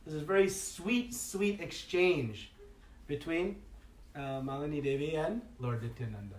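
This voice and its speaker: In a hall full of echo, picked up by a faraway mic, a man leads a religious class and recounts a sacred tale expressively, often using fillers. His pitch is fairly high, his pace a little slow, with slight background noise.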